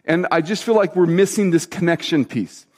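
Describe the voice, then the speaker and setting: A pastor preaching a relaxed, conversational sermon live in church, full of fillers and repeated phrases. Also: male voice, on the high side, normal speed. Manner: chatty, loose, repeats himself, many fillers. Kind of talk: casual spoken sermon to a live congregation. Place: church service, sanctuary.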